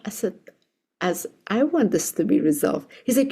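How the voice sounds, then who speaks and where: A woman reverend hosting a solo podcast episode, telling a personal story in a soft, earnest way and laughing now and then. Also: mid-range voice, big pitch swings, a little slow, breathy edge. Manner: soft-spoken, earnest, laughs while recounting.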